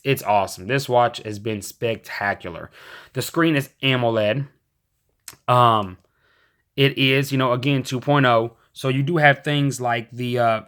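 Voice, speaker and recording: Hoarse man rambling about gadgets. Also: medium pitch, a bit bright. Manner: rambling, many restarts and fillers. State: hoarse, voice going in and out. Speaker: tech reviewer. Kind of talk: casual product review.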